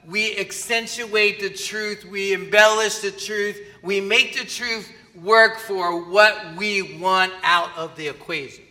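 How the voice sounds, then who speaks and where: A man preaching a sermon as pastor, animated and often asking the audience questions. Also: sits high, slow, few pauses. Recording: long hall reverb.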